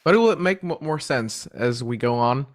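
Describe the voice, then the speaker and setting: A man co-presenting a livestream on vocal technique, making measured and thoughtful remarks. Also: medium pitch, animated. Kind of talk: livestream discussion.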